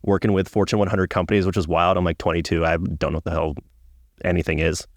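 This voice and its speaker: A man's voice: deep voice, flat delivery, fast talker, gravelly, no echo, clean studio sound. A man, telling self-mocking, profane stories as a podcast guest. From Atlanta, US. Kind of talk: casual interview storytelling.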